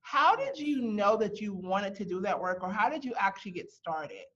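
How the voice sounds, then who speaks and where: A woman's voice: medium pitch, big pitch swings, moderate pace, fairly bright tone, a little hiss or hum. A woman podcast host asking curious, encouraging interview questions. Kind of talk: casual interview. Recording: dull lo-fi audio.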